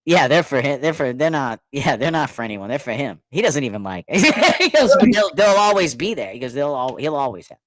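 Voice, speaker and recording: Animated storytelling man, dry close mic. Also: medium pitch, a little fast, hardly any pauses, no room sound. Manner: animated, laughing, repeats words, acts out quotes. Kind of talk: casual storytelling.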